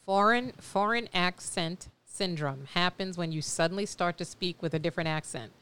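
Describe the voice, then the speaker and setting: A woman's voice: fairly low pitch, normal speed, a bit bright, clear, resonant tone. A woman with a New York accent, chatting casually and laughing easily as a co-host. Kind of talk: casual chat.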